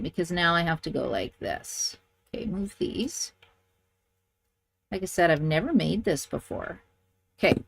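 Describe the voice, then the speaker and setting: A woman's voice: fairly low pitch, very animated, measured pace, gravelly, long pauses, a little hiss or hum. A middle-aged woman demonstrating card making, chatty and enthusiastic, thinking aloud as she works. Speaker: papercraft demonstrator. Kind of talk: casual crafting tutorial.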